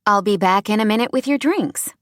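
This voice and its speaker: A woman's voice: medium pitch, brisk, dry recording, clean studio sound, pitched above the performer's own voice, natural voice. A woman voicing a polite, courteous female restaurant server in an audiobook. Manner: courteous, professional.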